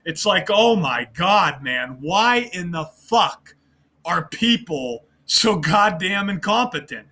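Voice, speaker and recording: Profane, mocking man with a bright voice. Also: sits high, expressive, slow pace. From United States. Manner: profane, mocking, sarcastic, laughs at his own points. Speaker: online commentator. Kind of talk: ranting monologue to viewers.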